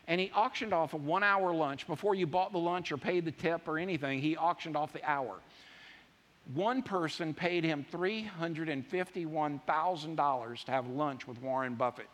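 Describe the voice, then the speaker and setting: A man preaching a sermon, emphatic and repetitive, swinging from loud declarations to hushed asides. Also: a little high, normal speed. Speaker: pastor. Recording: long hall reverb.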